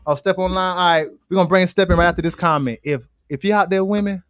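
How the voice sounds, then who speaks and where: A young man hosting a podcast, playful and boastful, talking up his own chances in easy slang. His voice sits a bit high for a man and is recorded close and dry. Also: fast, fairly bright tone, smooth, dry recording. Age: young adult. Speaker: host. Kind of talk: casual podcast chat.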